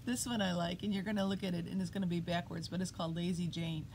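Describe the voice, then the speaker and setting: A woman's voice: on the low side, quick pace, few pauses, slight background noise. Woman teacher reading poems to kids. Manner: animated, loud sound words, asks children questions. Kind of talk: read-aloud poetry lesson for children. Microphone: iPad.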